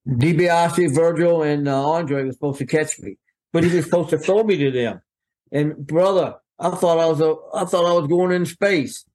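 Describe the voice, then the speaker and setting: An older man appears as a guest, a veteran wrestling referee, telling folksy, rambling stories. He is animated and acts out what others said, speaking at normal speed in a voice on the high side.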